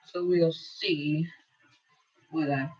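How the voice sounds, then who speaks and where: Slow, chatty woman quilting teacher. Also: deep voice, steady tone, darkish tone, far from the mic. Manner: chatty, thinks aloud while working. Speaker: quilting instructor. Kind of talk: casual sewing tutorial. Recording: dull lo-fi sound from away from the mic.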